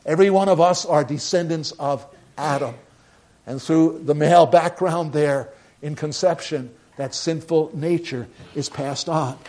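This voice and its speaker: A man's voice: a little high, darkish tone. Older male pastor preaching conversationally. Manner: conversational preaching with rising emphatic bursts. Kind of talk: sermon.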